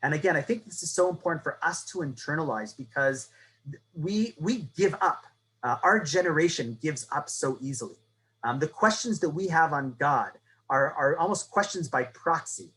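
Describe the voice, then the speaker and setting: A man teaching a lesson on the Passover Haggadah. He tells it as a story, keeps asking the listeners "right?", and moves between loud, emphatic lines and low, hushed ones. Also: animated, moderate pace, low-quality recording.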